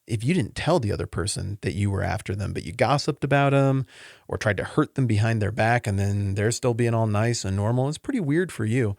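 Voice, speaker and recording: A man's voice: creaky, no room sound, studio quality. A man hosting a casual Bible teaching podcast, talking in an earnest, rambling and openly emotional way. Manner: conversational with lively pitch swings.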